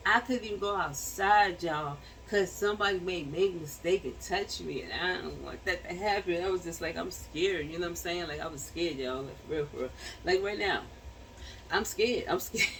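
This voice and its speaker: A woman's voice: fairly low pitch, normal speed, a bit bright, recorded from a distance, a little hiss or hum, poor audio. Chatty slangy woman vlogging from home. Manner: chatty, slangy, laughs often. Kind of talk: casual chat to the camera. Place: home bedroom.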